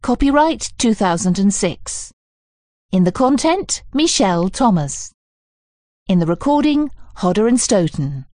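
A woman announcing the title and credits of a recorded course in a measured, formal way. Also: medium pitch, very animated, darkish tone, no echo, clean studio sound.

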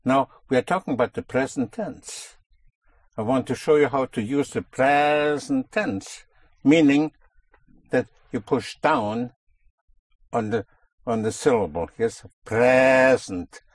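Slow, husky-voiced male language teacher. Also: medium pitch, a little mellow, no room sound. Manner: slow, patient, drills words and asks "yes?". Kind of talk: spoken language lesson.

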